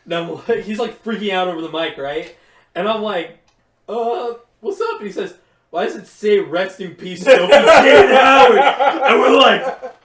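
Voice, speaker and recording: A young man co-hosting a podcast, telling a story in a rambling, profane, animated way. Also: sits high, normal speed. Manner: rambling, profane, animated retelling with quoted voices. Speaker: podcast co-host. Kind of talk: casual storytelling chat. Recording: roomy, far from mic.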